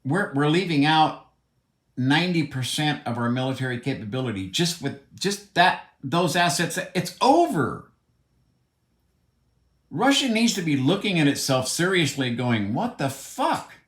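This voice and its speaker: A man's voice: fairly high pitch, sing-song, a little slow, fairly bright tone. A man delivering a heated, blunt, profane monologue, commenting on the news. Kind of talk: opinionated monologue. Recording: roomy echo.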